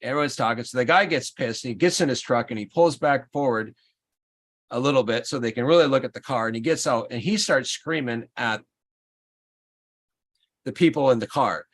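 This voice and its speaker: A man's voice: mid-range voice, normal speed. Man telling a rambling story. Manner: animated storyteller, rambling restarts. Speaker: livestream host. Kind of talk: casual chat.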